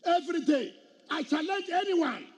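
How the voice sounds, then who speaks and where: A middle-aged state governor with a Nigerian accent delivers a combative political speech to a crowd at an outdoor event, firing off rhetorical questions and challenges. His voice is very high-pitched and animated, at a moderate pace.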